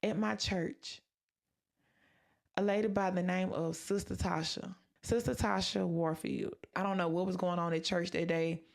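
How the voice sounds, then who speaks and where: A woman's voice: on the low side, steady tone, unhurried, creaky. A woman hosting a podcast, sharing a personal faith testimony in an earnest, emotional way and acting out her own past words. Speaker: podcast host.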